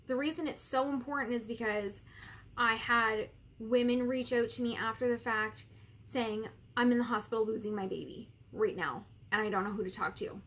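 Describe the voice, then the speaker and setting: A woman's voice: a little high, fairly bright tone. Tearful woman coach, candid and raw. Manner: candid and emotional, swears freely, speaks to viewers directly. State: tearful, crying while talking. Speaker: business coach hosting a live stream. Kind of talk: live-stream coaching talk, reading comments.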